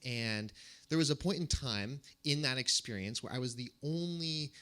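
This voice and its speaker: A man, a pastor, giving a sermon with animated storytelling and gentle humor. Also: medium pitch, normal speed. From United States.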